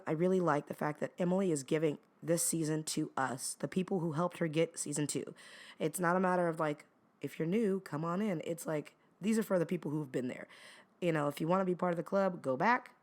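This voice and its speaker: A woman co-hosting a casual TV recap, chatting directly to viewers with frequent "um"s. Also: on the low side. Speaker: co-host.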